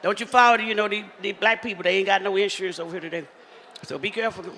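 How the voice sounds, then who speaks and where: A man, emceeing a live event with loud, teasing crowd banter on a handheld mic. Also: high-pitched, fairly even intonation, fast. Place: large hall at a live event. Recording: echoey hall with faint ambient noise.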